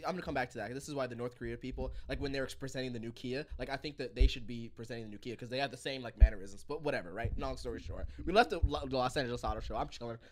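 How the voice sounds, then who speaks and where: A man's voice: mid-range voice, racing, few pauses. A man telling a story in casual podcast chat, swearing freely and acting out the scenes as he goes. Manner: swearing, excitable storyteller who acts out scenes. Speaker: podcast co-host.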